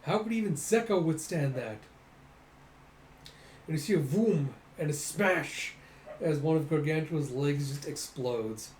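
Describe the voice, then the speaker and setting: A man reads through a comic with animated narration and acted-out sound effects. His voice sits a bit high with a dark, mellow tone. It sounds like an echoey room with a faint hiss. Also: measured pace. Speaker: comic readthrough host. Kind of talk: casual comic readthrough.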